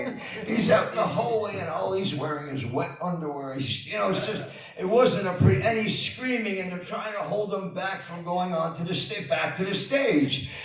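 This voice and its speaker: An older man telling a rambling, animated story on stage at a live venue, full of laughing asides. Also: high-pitched, normal speed. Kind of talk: live anecdote. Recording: echoey hall, distant mic.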